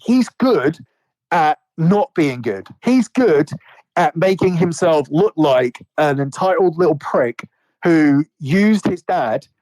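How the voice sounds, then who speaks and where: A man's voice: on the high side, darkish tone, no room sound, low-quality recording. A man in casual podcast chat about wrestling, rambling and swearing a lot with many restarts. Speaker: podcast co-host.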